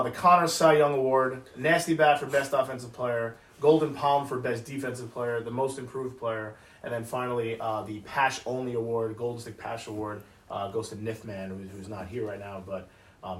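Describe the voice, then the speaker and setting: Brief: quick-talking male host, casual, recorded far off in an echoey room. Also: mid-range voice, steady tone. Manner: fast, rambling, fillers. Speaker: podcast host presenting awards. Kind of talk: casual banter. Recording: roomy, distant mic, faint noise.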